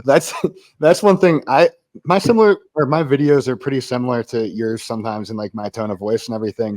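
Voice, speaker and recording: A man's voice: mid-range voice, brisk, darkish tone. Blunt, profane male podcast guest. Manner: blunt, profane, laughs easily. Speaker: podcast guest, former Marine. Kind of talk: casual podcast conversation.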